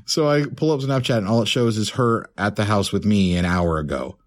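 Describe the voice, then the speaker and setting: A man's voice: lowish voice, brisk. A young man co-hosting a podcast in casual chat, telling stories with lots of swearing. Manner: animated storytelling, swears freely. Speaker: podcast co-host.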